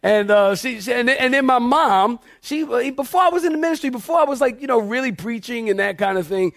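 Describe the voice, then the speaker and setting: A man preaching a sermon in church, telling lively stories and acting out the voices of people in them. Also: very high voice, a little fast, dry recording, clean studio sound. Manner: animated storyteller, acts out quoted voices. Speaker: pastor. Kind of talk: sermon storytelling.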